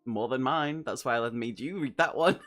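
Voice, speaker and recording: A man's voice: medium pitch, normal speed, a bit bright. A man with an American accent chatting casually as a guest co-host, giggling often and poking fun at himself. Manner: laughs often, giggly, self-deprecating. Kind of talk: casual chat.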